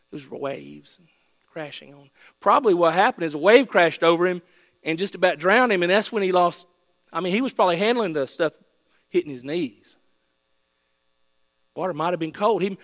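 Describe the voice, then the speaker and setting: A man preaching a sermon with playful storytelling that builds into excited shouts. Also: high voice. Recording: long hall reverb with mains hum.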